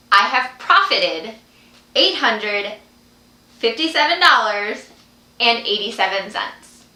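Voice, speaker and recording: A young woman vlogging straight to camera, gushing with excitement and often repeating herself. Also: medium pitch, roomy sound. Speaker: vlogger, clothing sales consultant. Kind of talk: excited direct-to-camera vlog.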